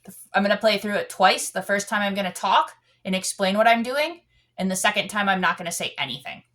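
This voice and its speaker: A woman with a mid-range, slightly bright voice speaks at a quick pace as she teaches piano. She explains with patience and sings the counts during her playing, with piano heard in the background.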